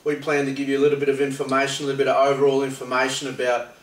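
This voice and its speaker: A man's voice: medium pitch, monotone, racing. Australian man, young, dry laid-back banter, roomy echo, set back from the mic. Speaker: co-host. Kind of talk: casual comedic chat. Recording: echoey room, mic at a distance.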